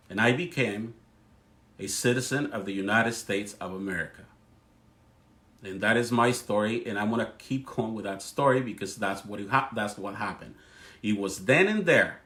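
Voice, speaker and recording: A man's voice: mid-range voice, pushed and bright. A middle-aged man whose first language is Spanish, speaking English with a Spanish accent as he hosts a livestream. He delivers a fervent political monologue, often restarting his sentences. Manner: fervent, speechifying, frequent restarts. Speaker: livestream host.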